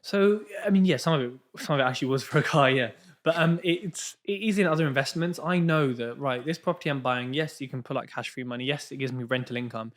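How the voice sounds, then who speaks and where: A man hosting a podcast, chatting casually and reasoning through his views in a relaxed way. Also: mid-range voice, fast, hardly any pauses. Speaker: podcast host. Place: podcast studio booth.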